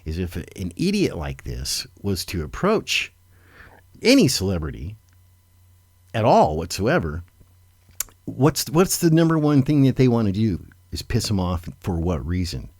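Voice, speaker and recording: A man's voice: fairly low pitch, huge pitch swings, measured pace, a little mellow, husky, no echo, studio quality. A middle-aged man hosting a live talk show in a loose, swearing manner, laughing often. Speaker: host. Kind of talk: casual live commentary.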